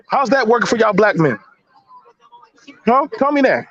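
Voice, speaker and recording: Fiery high-voiced man debating, lo-fi sound. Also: very animated, moderate pace, pauses often, a bit bright. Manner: blunt, emphatic, repeats words, slangy. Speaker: panelist. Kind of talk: heated casual debate. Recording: dull lo-fi audio.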